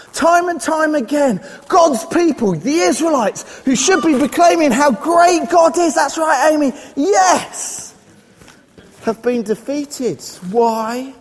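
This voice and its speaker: A man giving an animated Bible talk to children, asking them questions and repeating lines rhythmically. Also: very high-pitched. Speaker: children's church leader. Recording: echoey hall, faint noise.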